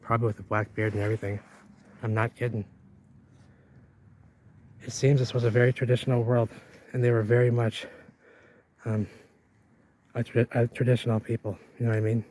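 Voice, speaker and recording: A man's voice: medium pitch, flat delivery, a little fast, long pauses, darkish tone. A man narrating an exploring vlog outdoors, rambling to viewers while he walks and points things out. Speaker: vlogger. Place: outdoors by a river wall.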